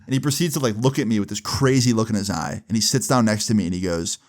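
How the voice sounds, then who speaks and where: A man telling a personal story in a casual vlog, animated and profane, with sudden jumps in pitch. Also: fast, hardly any pauses. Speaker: storyteller vlogger.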